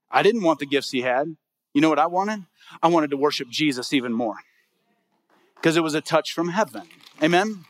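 Emphatic high-voiced male pastor preaching. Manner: emphatic, storytelling, swings between soft and raised. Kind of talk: sermon.

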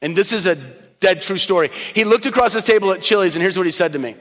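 A middle-aged male pastor preaching a sermon, telling personal stories, shifting between quiet slow passages and loud emphatic ones. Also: high voice, animated. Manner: storytelling, swings from soft and slow to loud and emphatic. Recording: long hall reverb.

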